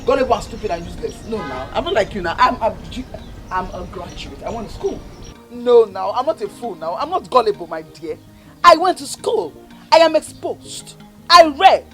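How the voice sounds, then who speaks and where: A taunting Nigerian sister. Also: female voice, fairly high pitch, big pitch swings, moderate pace, faint music behind. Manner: mocking, taunting, swings between shouting and muttering. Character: scornful young woman bullying her sister.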